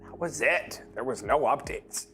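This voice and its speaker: A man's voice: mid-range voice, expressive, unhurried, pushed and bright, faint music behind. A man who is a guest player on a gaming stream, chatting casually in a laid-back, agreeable way. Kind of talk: casual chat.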